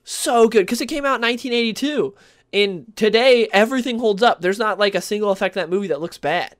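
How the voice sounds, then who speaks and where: A man's voice: high-pitched, quick pace. Rambling man ranting on a podcast. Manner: rambling, many fillers and restarts, exasperated. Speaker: podcast host. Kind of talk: casual ranting chat.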